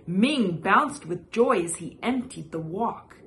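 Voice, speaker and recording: Woman storyteller, gentle and expressive, reading a picture book slowly, faint room hum behind. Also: medium pitch.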